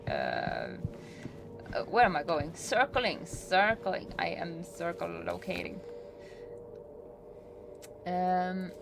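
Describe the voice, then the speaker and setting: A woman's voice: on the low side, creaky, poor audio. A Norwegian woman from the north with a Northern Norwegian accent, chatting casually and rambling while streaming a game. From northern Norway. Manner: rambling, heavy use of "like" fillers. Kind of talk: casual chat while gaming.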